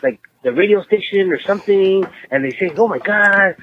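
A man's voice: sits high, animated, normal speed, muffled recording, a little hiss or hum. A man doing an exaggerated Chicano-accented barrio guy persona, leaving a rambling voicemail. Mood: laid-back. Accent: Chicano English. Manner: exaggerated put-on drawl, slangy and rambling. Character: swaggering Mexican-American barrio guy, joking and laid-back. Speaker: voicemail caller.

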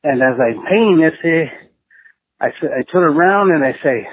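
A man's voice: on the high side, expressive, normal speed, slightly rough, no echo. A man leaving a casual voicemail, telling a story in a laid-back, slangy way and peppering it with "eh" and "Holmes". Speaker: voicemail caller. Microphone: phone. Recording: tinny phone-line voicemail.

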